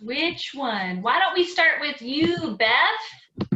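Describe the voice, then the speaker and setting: A woman with a high, bright voice keeps a group video chat moving, cheerfully calling on people one by one. Her voice rings a little in an echoey room with faint background noise. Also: very animated, slow pace, lo-fi sound. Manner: encouraging, calls on participants by name. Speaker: recreation program co-host.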